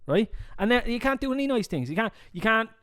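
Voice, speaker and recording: A man with a Dublin Irish accent, co-hosting a podcast in casual chat, emphatic and animated, often tagging "right?". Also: very high voice, quick pace, smooth. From Ireland. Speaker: podcast co-host. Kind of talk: casual chat, telling jokes.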